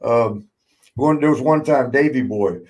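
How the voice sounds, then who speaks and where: A man's voice: medium pitch, unhurried, a little mellow, rough recording. A man hosting a podcast, telling old road stories in a loose, casual chat, laughing often, swearing freely and acting out the people he quotes. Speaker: podcast host, former wrestler.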